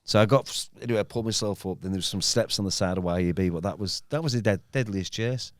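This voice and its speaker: A middle-aged man with a Hull accent, telling animated, rambling stories in a casual podcast chat. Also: fast talker, no room sound. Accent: Hull, East Yorkshire. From Hull, England. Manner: animated, rambling storyteller with sudden pitch jumps. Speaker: podcast host.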